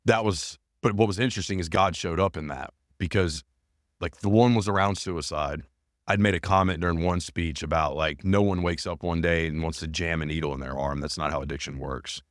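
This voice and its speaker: Deep-voiced earnest male podcast host. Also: steady tone, a little fast, no echo, clean studio sound. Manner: earnest and emphatic, repeats phrases. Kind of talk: casual podcast conversation.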